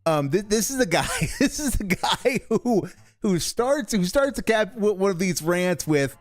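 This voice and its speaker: A man's voice: sits high, expressive, a little slow, dry recording, faint music behind. A man streaming, reacting to a video with mocking commentary and frequent laughter.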